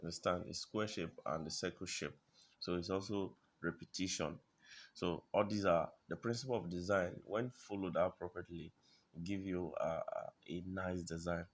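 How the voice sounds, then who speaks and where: A man with a lowish voice walks through design principles in a tutorial. He talks haltingly, restarting phrases and clearing his throat, and keeps asking whether you understand. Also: steady tone. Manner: halting, repeats words, clears throat often. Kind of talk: screen-recorded tutorial explanation.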